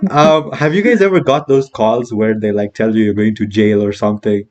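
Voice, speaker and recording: A man's voice: on the low side, fairly quick, darkish tone, dull audio, a little hiss or hum. A young man co-hosting a casual chat, laughing often and swearing freely. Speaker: co-host.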